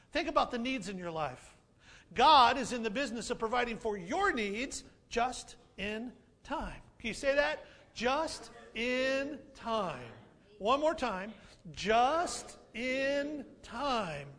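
High, gravelly, animated preacher man. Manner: animated, playful, repeats key phrases. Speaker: pastor. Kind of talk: sermon.

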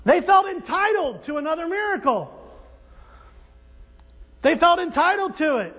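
Male pastor, very high voice, animated joking sermon; dull recording in a reverberant church. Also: a little slow, pauses often. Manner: animated, joking storyteller with restarts. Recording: dull audio with long hall reverb.

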